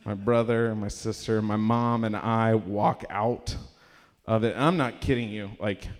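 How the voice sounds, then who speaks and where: At a live comedy showcase, a stand-up comedian rambles through a story packed with fillers, cracking himself up at his own jokes. His voice is mid-range and darkish, with a long reverb tail.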